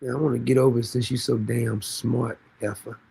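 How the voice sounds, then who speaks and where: Gravelly, mocking male commentator. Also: mid-range voice, level tone, fairly quick, mellow. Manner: sarcastic and mocking, slangy. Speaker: commentary host. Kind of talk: reacting to news clips.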